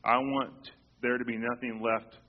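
Pastor preaching in a casual sermon. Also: male voice, medium pitch, flat delivery, a little slow, muffled recording. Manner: conversational with frequent restarts and repeated words. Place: church sanctuary.

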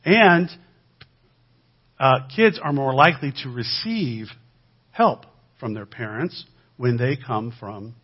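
Male guest preacher, mid-pitched and husky, animated delivery, dull recording. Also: measured pace. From United States. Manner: animated, swings between loud emphasis and quiet asides. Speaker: guest speaker. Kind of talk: sermon-style teaching talk.

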